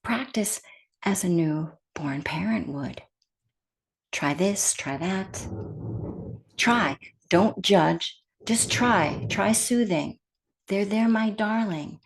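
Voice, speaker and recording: A woman meditation teacher speaking at an unhurried, deliberate pace. Her voice sits at an ordinary middle pitch, gentle and soft-spoken, and she sometimes sinks into a hushed whisper. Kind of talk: guided meditation talk.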